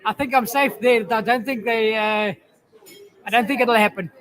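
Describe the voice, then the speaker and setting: A man with a noticeably high voice calls a rugby match for his live stream audience. He is chatty and self-mocking, and he laughs easily as he reads viewer chat. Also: moderate pace, fairly bright tone, low-quality recording. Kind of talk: casual live commentary reading viewer chat.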